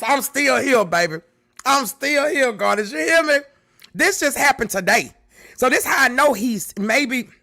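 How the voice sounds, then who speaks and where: Bright-voiced Houston woman streaming live. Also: a little high. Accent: Houston Southern US. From Houston, Texas. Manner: loud, laughing, drawling with slang. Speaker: livestream host. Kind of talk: excited casual livestream chat.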